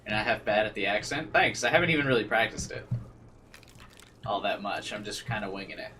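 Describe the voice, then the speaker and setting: Joking streamer with a bright voice. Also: male voice, on the low side, fairly quick, far from the mic, a little hiss or hum. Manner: chatty, joking, rambling. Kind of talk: gaming commentary.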